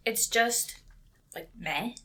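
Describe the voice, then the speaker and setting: A woman's voice: on the high side, expressive, takes it slowly, pushed and bright. A young woman co-hosting a podcast, chatting in an easygoing, teasing way and hedging her opinions. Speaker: podcast co-host. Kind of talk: casual chat.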